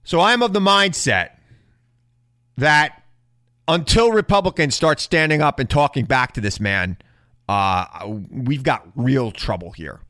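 A man giving an impassioned political monologue, indignant and building to loud rhetorical questions. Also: mid-range voice, animated, a little slow, dry recording, clean studio sound. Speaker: political commentator.

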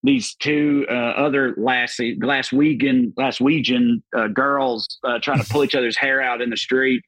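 A man's voice: medium pitch, moderate pace, a bit bright, no echo, poor audio. Southern guy rambling thru a trip story, swears a lot, dry close sound. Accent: Southern American. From Southern United States. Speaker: podcast guest, comedian. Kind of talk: casual chat.

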